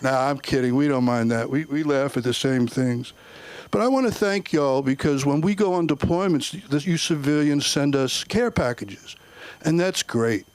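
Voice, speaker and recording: A middle-aged man doing a stand-up set at an open mic, telling army stories deadpan and acting out the people in them. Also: medium pitch, normal speed, clean tone, no echo. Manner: deadpan jokes, acted quotes in voices. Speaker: stand-up comic. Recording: comedy club, audience laughter.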